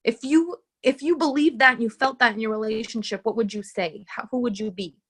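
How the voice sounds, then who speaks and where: Woman coach, bright-ish higher voice, earnest and emphatic, leans on repetition. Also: brisk. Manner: earnest and emphatic, repeats key phrases. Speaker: relationship coach. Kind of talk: live coaching session, reading out viewer comments.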